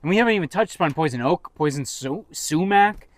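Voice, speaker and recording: A man's voice: on the high side, lively intonation, a little fast, dry recording. A man co-hosting a podcast in casual chat, rambling and teasing his co-host with jokes.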